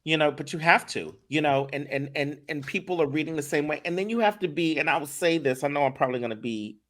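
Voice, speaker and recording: A man talking as a guest in a casual podcast interview, animated and emphatic, often repeating his words. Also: fairly high pitch, fast talker. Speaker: voice acting director, guest.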